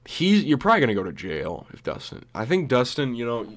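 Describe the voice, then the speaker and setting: A man's voice: medium pitch, wildly swooping pitch, a little fast, a bit bright. Rambling, profane young man. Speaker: vlogger. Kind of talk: casual commentary.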